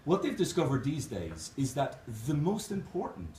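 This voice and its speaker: A man giving a motivational conference keynote, animated and jokey, speaking straight to the crowd. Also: on the high side, moderate pace. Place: conference hall. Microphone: distant camera mic. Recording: echoey hall, distant mic, noisy room.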